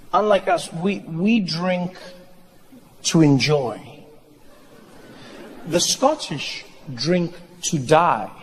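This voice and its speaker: South African stand-up man, animated storyteller, high-pitched; live audience and faint noise behind. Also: long reverb tail, rough recording. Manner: animated storytelling, jumps into characters' voices. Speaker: stand-up comedian. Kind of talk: stand-up comedy. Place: stage in a live venue with a laughing audience.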